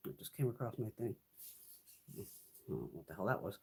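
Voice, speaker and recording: A woman's voice: very deep voice, big pitch swings, a little fast, darkish tone, slightly rough. A woman in her fifties chatting casually on a live stream, rambling, swearing freely and laughing often. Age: 50s. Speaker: beauty vlogger hosting a live stream.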